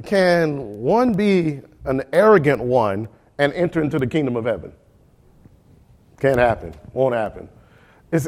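A man teaching a Bible study class at an ordinary middle pitch. He keeps asking the group questions and checking that they follow. He repeats key words to drive the point home. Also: a little mellow.

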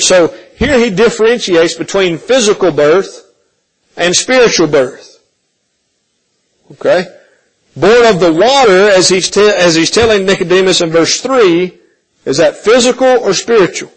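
A man leads a Bible study, reading verses and then unpacking them with questions for his listeners. His voice sits slightly high, and he keeps checking in with a quick "okay?". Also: expressive, breathy edge, poor audio. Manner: questioning, repeats "okay?" often. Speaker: Bible teacher.

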